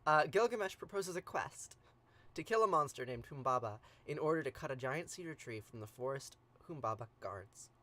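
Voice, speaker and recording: A man's voice: mid-range voice, animated, normal speed, bright, forceful tone. A man hosting a livestream, reading an ancient epic aloud with chatty, playful commentary and frequent giggles. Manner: chatty, giggly, addresses viewers by name.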